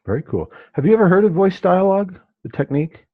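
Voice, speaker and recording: A man's voice: high voice, animated, fast talker, no echo. A man leading a class discussion, who acts out the inner voices he quotes. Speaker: class teacher. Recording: dull dry lo-fi recording.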